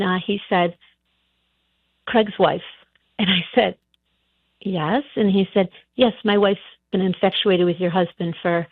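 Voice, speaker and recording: A woman's voice: mid-range voice, dry recording. A middle-aged woman calling in on the phone to a radio show, telling her story hesitantly with many restarts. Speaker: caller. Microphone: telephone. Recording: tinny phone line.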